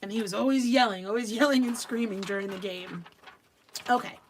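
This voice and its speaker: A chatty middle-aged woman from Long Island hosts a live crafting demo. Her voice sits at an ordinary middle pitch, and she laughs often as she talks through her work. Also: brisk, slight background noise. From Long Island, New York. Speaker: host of a live craft stream.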